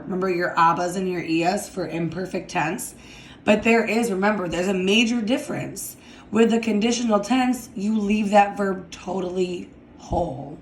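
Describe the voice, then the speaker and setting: A woman with a medium-pitched voice teaches a Spanish grammar lesson, explaining step by step as she writes. She is slow and deliberate, repeatedly checking understanding with "okay?" The room is echoey, with slight background noise.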